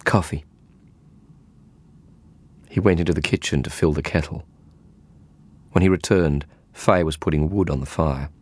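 A man reading an audiobook in calm, measured narration. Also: very deep voice. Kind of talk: scripted narration.

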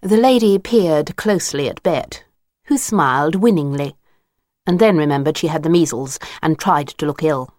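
A woman narrating a children's storybook, expressive and unhurried. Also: sits low, no room sound, studio quality.

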